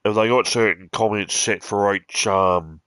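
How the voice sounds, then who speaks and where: A man's voice: fairly low pitch, fairly even intonation, a little slow, fairly bright tone, no room sound. An Australian man streaming a game, ranting bluntly and swearing as he talks. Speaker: gaming streamer. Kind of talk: casual ranting while playing.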